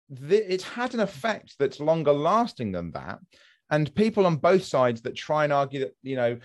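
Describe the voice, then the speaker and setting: Male podcast host, middle pitch, animated and rambling, lots of fillers. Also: moderate pace. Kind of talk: casual podcast chat.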